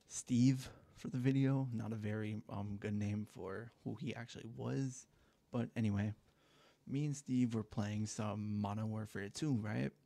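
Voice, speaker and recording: A man's voice: lowish voice, creaky, mellow, no echo. A young man casually telling a story time, rambling and profane, with lots of filler words, on a headset mic at home. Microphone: gaming headset mic.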